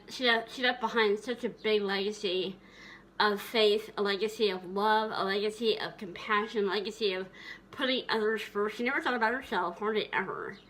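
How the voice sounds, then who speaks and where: A woman's voice: medium pitch, a bit bright. A woman vlogger reminiscing tenderly in a casual, rambling way, with many fillers and restarts.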